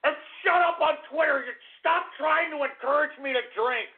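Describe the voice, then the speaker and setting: High gravelly ranting man, tinny audio. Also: normal speed. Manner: exasperated, shouting, rambling. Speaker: radio show host. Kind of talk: ranting comedic radio monologue.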